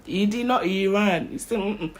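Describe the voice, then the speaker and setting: A young Nigerian woman with a Nigerian accent, telling a personal story in an animated storytime vlog and slipping into Pidgin. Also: sits low, brisk, slight background noise. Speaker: vlogger.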